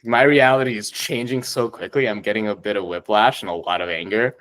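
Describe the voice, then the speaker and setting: A man chatting as a podcast guest, excitable and heavy on swearing, often laughing as he talks. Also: on the low side, brisk, poor audio. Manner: excitable, swears a lot, laughs while talking. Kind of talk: casual chat.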